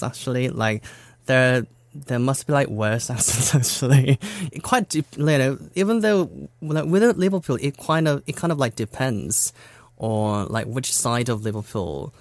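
A young adult man from South Korea, a native Korean speaker, chats casually as an interview guest in a mid-range, expressive voice at a moderate pace. He laughs often and fills his speech with words like "like" and "you know," and the recording has no room sound.

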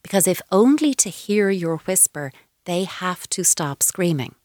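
A woman's voice: fairly low pitch, expressive, unhurried, a little mellow, no room sound, studio quality. A woman giving parenting advice on a radio chat, explaining at length and sometimes acting out voices playfully.

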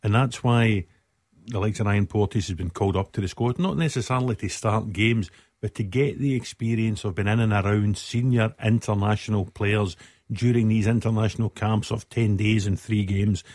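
A man talks through football selection in a measured, explanatory way. His voice sits on the low side, and the recording is dry and close. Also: steady tone, darkish tone, no room sound. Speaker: football pundit. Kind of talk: studio sports discussion.

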